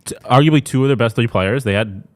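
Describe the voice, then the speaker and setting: A man's voice: medium pitch, fast talker. A man co-hosting a hockey podcast, making dry, laid-back remarks. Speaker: podcast co-host. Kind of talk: casual hockey chat.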